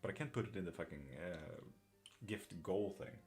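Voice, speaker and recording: A man with a wandering Irish-British accent chats on a live tarot stream, his voice sitting on the low side. He swears offhand, laughs often and answers viewers one by one. Soft music plays quietly underneath. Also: normal speed. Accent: mixed Irish-British. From Sweden. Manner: chatty, swears casually, laughs often, reads chat aloud. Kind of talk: casual live-stream chat. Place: home streaming setup in England.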